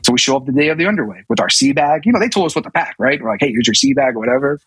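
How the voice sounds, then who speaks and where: A man's voice: medium pitch, very animated, very fast, fairly bright tone, breathy edge, no echo, poor audio. A man in his thirties, a navy command master chief and podcast guest, telling a story casually with many restarts and acted-out quotes. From US South.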